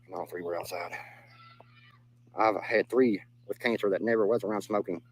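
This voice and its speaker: This lowish-voiced man talks at a normal speed, sounding a little rough, and the audio is poor. He's a young livestreamer from the Southern United States with a matching accent, reacting to chat in a crude, offhand way and repeating himself a lot.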